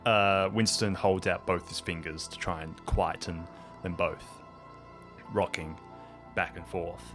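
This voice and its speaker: A man's voice: sits low, steady tone, unhurried, a bit bright, faint music behind. A man playing a tabletop game, plainly describing what his character does. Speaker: player. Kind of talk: casual tabletop play.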